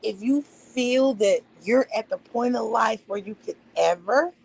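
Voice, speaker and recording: Fired-up woman streamer cussing and repeating herself, raspy husky voice, kinda high. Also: unhurried, a little mellow, low-quality recording. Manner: heated, profane, repeats phrases for emphasis. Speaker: livestream host. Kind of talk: emotional livestream rant.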